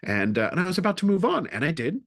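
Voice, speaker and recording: A man presenting a webinar, telling a comic story with lively timing and then turning to his main points. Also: high voice, fast, gravelly. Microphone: video call.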